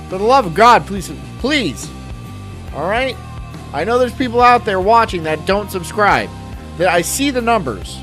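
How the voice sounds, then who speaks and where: A man hosting a reaction stream, talking in a mocking, loud way and repeating his jokes. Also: high voice. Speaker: streamer host.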